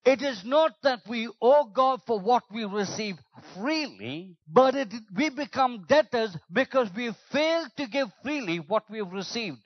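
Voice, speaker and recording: A man preaching a sermon as pastor, acting out the complaints he quotes in a lower voice. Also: animated, measured pace, few pauses, no room sound, lo-fi sound.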